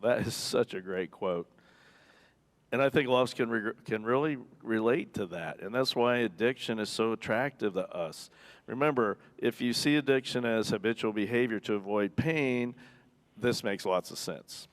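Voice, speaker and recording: A man's voice: medium pitch, normal speed. A man preaching a conversational sermon as pastor, joking and acting out the people he quotes. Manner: conversational, jokey, acts out quoted voices. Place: church.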